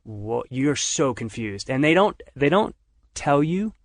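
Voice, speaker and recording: A man's voice: medium pitch, a little slow, no room sound. Man retelling a story in a dry close sound. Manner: animated retelling, acts out others' lines. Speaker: podcast guest. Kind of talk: casual storytelling.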